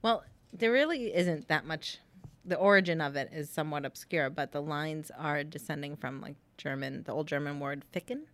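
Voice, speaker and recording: A woman's voice: deep voice, moderate pace, fairly bright tone. A chatty woman from Long Island, New York, who laughs easily in casual conversation. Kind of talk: casual chat.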